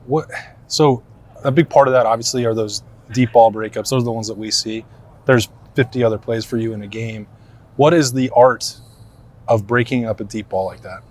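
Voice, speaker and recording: A man's voice: mid-range voice, fairly even intonation, moderate pace, darkish tone. A man hosting a sports podcast, upbeat and joking, asking long rambling questions. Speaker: podcast host. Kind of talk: casual sports podcast chat.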